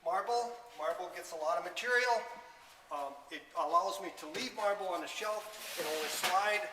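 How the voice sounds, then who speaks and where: A man's voice: high voice, normal speed, noisy background. A man who drives a library delivery van, explaining how he loads his bins and dropping dry sarcastic asides. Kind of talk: explaining his work on camera. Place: inside a delivery van or loading area. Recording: echoey, roomy, from far off.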